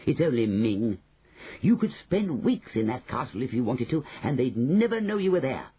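A man reading an audiobook, voicing a shrewd, bold old grandmother who speaks slowly and knowingly. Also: mid-range voice, sing-song, warm tone, slightly rough, poor audio. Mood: eager. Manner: slow, measured and knowing.

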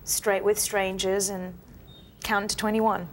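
A woman's voice: medium pitch, level tone, slow pace, a little hiss or hum. A woman from London with a British accent, a guest actress on a TV talk show, modest and wry, laughing easily.

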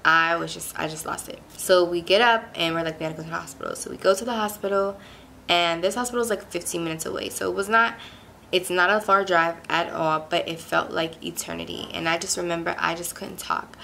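A woman's voice: fairly low pitch, fairly even intonation, brisk, vocal fry, bright, forceful tone, a little hiss or hum. A young woman from Pittsburgh telling a personal story in a casual, chatty way, full of "like" fillers and emphatic retelling. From Pittsburgh, USA. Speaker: vlogger.

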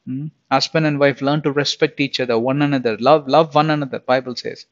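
A man's voice: mid-range voice, steady tone, fairly quick, muffled recording. A man giving an informal Bible lesson, chatty, often laughing and repeating himself. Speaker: Bible teacher.

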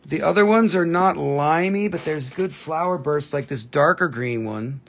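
Gravelly, slightly high-voiced man hosting a live rock-sales stream, rambling and chatty, tired from hours live. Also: moderate pace. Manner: chatty, rambling, puts on crazy accents. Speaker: live-stream mineral seller. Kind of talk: casual live sales chat.

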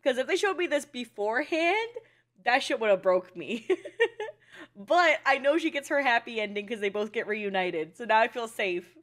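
Young woman anime reactor, high and very lively voice, excitable and foul-mouthed. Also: moderate pace. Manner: excitable, swears, laughs often, shrieks when shocked. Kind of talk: casual reaction commentary.

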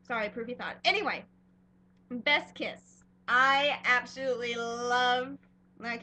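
Gushing young woman, high bright voice. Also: measured pace, slight background noise. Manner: gushing, rambling fan talk with many fillers. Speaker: fan vlogger. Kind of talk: casual vlog chat.

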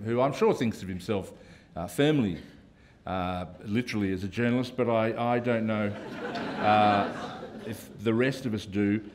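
A man's voice: fairly low pitch, a little mellow. An Australian man, a cartoonist speaking on a panel, rambling and self-deprecating with many fillers. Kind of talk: casual panel talk.

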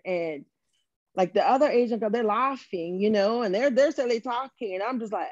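A woman's voice: medium pitch, a little fast, a little mellow, no echo. A woman as an interview guest, talking frankly and animatedly with lots of fillers and restarts. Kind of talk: casual interview chat. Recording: dull lo-fi recording.

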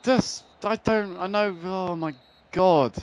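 A young man commentating his own football video game play, swinging between frustrated groans and excited shouts. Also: high-pitched, slow pace. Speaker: gaming YouTuber. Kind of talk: live gameplay commentary.

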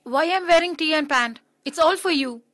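This is a proud tomboy of a young woman, with a high voice. She talks with sarcastic reproach, close and dry. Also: normal speed, a bit bright, dry recording. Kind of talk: English dub of a film drama.

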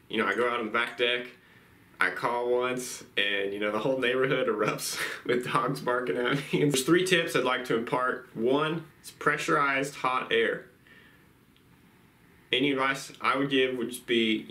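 A man's voice: mid-range voice, bright, forceful tone, roomy sound. A man hosting a duck hunting vlog, talking in a laid-back, rambling way with lots of "you know" fillers. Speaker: duck hunting channel host. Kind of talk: casual vlog talk.

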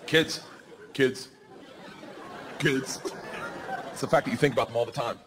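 A man in his forties telling a loud, animated stand-up story before a live audience. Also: medium pitch, a little slow, a crowd in the background, background noise. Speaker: stand-up comedian. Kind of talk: stand-up set.

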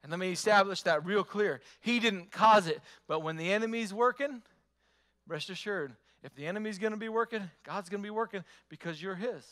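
Delivering a brisk sermon, this male preacher has a bright, high-pitched voice. He leans on repeated phrases and rhetorical questions, pressing each point with a pastor's emphasis.

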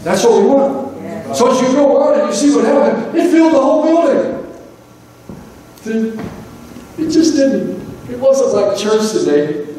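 High-voiced preaching man in echoey hall. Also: lively intonation, a little slow, pauses often, warm tone, a little hiss or hum. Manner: fervent, rhythmic preaching with rising calls. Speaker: pastor. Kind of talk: sermon. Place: church sanctuary. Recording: echoey church hall from far off.

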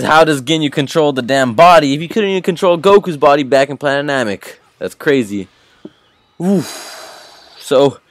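A hyped man recaps an anime episode for his channel, swearing freely and piling up exclamations. His voice sits at an ordinary middle pitch. It sounds dry and close, with no room echo. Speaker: anime reaction channel host.

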